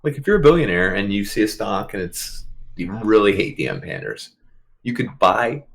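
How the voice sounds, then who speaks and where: A man's voice: lowish voice, big pitch swings, moderate pace, vocal fry. A man co-hosting a podcast in a casual chat, playful and jokey, asking lots of questions. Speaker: podcast co-host.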